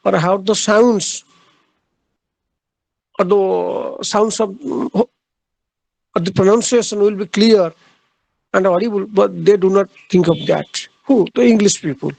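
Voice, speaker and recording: Halting male literature lecturer with a gravelly voice. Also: high-pitched, a little mellow, no echo, low-quality recording. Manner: halting, repeats key phrases, frequent "uh" pauses. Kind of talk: classroom lecture.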